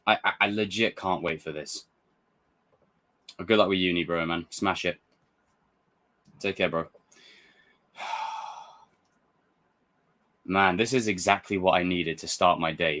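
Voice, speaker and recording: Male host for an excitable reaction-video ramble with a very deep voice, restarting sentences. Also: measured pace, long pauses. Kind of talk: casual reaction commentary.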